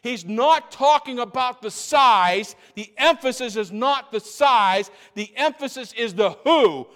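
A man preaching a sermon, swinging between booming emphasis and hushed asides and repeating phrases to drive points home. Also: lively intonation, measured pace, few pauses. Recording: long reverb of a large hall.

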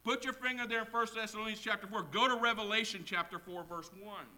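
A man preaching a sermon in a church, swinging from quiet asides to loud shouted quotes. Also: high-pitched, fairly even intonation, fast. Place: church with congregation.

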